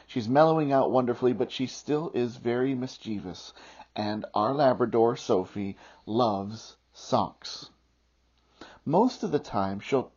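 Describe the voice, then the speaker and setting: Husky-voiced pastor preaching a sermon. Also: male voice, medium pitch, a little mellow. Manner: self-deprecating storytelling, earnest. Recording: muffled lo-fi recording.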